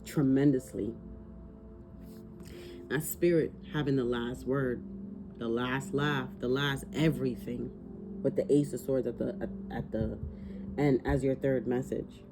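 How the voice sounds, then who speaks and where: A woman giving an animated, casual tarot reading, swearing freely and talking aloud to spirit. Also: rumbling low, a little slow, long pauses, music in the background. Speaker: tarot reader.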